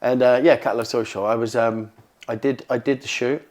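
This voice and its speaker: Casting note: man, mid-pitched, chatty guest in an interview, lively and casual, swears freely. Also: fairly quick. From England. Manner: animated, repeats words, acts out quoted speech, swears casually. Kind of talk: casual storytelling.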